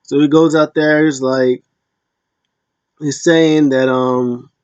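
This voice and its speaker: A man's voice: medium pitch, steady tone, slow pace, darkish tone, clear, resonant tone, dry recording. A man giving a casual, rambling recap full of fillers and restarts. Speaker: wrestling recap vlogger. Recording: dull lo-fi dry sound.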